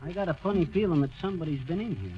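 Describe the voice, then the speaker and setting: An actor playing a bumbling, folksy husband in a 1930s radio comedy. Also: male voice, a little high, expressive, very fast, dull audio, close to an everyday voice. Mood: drowsy. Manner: folksy, blustering.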